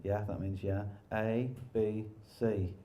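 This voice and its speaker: A man tells stories in loose, rambling chat, mocking himself and laughing as he goes. His voice sits at an ordinary middle pitch with a dark, mellow tone. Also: little pitch movement, slow. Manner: rambling, self-deprecating, laughs often. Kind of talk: casual anecdotal chat.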